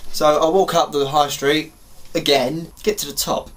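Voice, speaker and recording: A young man vlogging, telling a story to camera in an animated, exasperated way and swearing casually. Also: on the high side, moderate pace.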